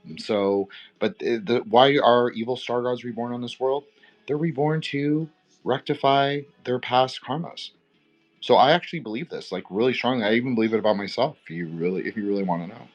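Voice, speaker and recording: A man's voice: medium pitch, fairly quick, muffled recording, faint music behind. A man co-hosting a roundtable podcast, talking in a loose, rambling way full of fillers. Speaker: podcast co-host. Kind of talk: casual roundtable discussion.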